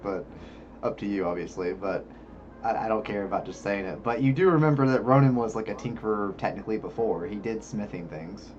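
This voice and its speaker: A man acting as game master, speaking hesitantly with frequent fillers. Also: fairly low pitch. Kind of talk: tabletop game talk. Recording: dull lo-fi mic.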